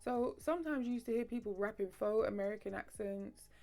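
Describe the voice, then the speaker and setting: A woman hosting a video essay, moving between lively playful asides and steady narration. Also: mid-range voice, fairly quick, soft background music. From London, England.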